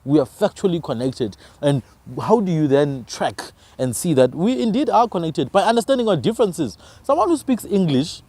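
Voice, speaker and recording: Man, slightly high voice, animated and preachy, podcast talker. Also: normal speed, no echo. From South Africa. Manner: emphatic, preachy, rhetorical questions. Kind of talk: passionate conversational argument.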